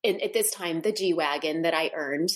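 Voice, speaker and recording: A woman's voice: low voice, normal speed. A middle-aged woman telling personal stories to an interviewer, heartfelt and full of restarts and asides. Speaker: guest. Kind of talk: personal storytelling in a conversation.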